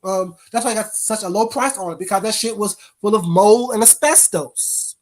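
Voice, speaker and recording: A man's voice: high-pitched, moderate pace, darkish tone. A man ranting on a casual livestream, blunt and heavy on the profanity. He tears into trolls, then breaks off to greet chat viewers by name before going back at it. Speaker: livestream host.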